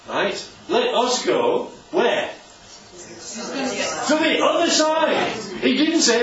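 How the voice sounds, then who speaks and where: A man leads an interactive Bible study as a preacher, his high, sing-song voice moving extremely slowly and sounding a bit bright. After nearly every point he checks in with "right?", and the recording is echoey, from a distant, dull mic.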